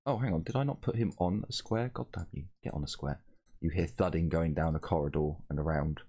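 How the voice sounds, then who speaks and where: Man, very deep voice, game master, casual halting narration, self-correcting. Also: warm tone, breathy edge.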